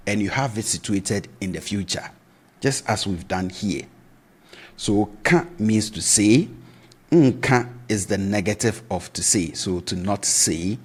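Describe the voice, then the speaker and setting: Husky-voiced man teaching a language. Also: lowish voice. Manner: patient, repeats words to drill pronunciation. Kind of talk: video lesson explanation.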